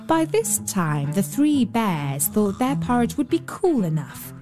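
A woman storyteller reads a fairy tale aloud in an even storybook cadence. Faint fiddle music plays quietly behind her voice. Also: medium pitch, measured pace. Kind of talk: bedtime story narration.

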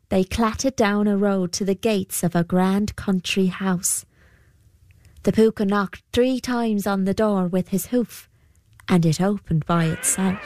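Woman reading a folk tale slow and steady, dry close mic. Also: medium pitch, dry recording. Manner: measured, storybook telling. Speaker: storyteller. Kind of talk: scripted narration of a folk tale.

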